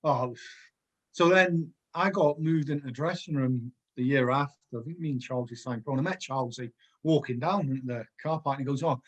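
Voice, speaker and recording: A middle-aged man, a former footballer, casually telling animated anecdotes as a podcast guest and laughing often. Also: mid-range voice, moderate pace, muffled recording. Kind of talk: casual storytelling.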